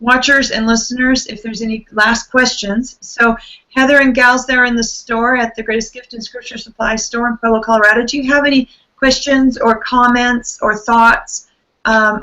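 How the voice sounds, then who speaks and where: Gravelly, tired woman hosting a book club. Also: a little high, little pitch movement, normal speed, poor audio. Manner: warm, effusive, chatty. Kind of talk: casual online chat. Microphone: video call.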